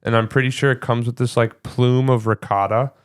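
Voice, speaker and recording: Midwestern male co-host, clear resonant voice, playful banter. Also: mid-range voice, steady tone. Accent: Midwestern American. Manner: playful, joking, quick to laugh. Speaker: podcast co-host. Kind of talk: casual chat.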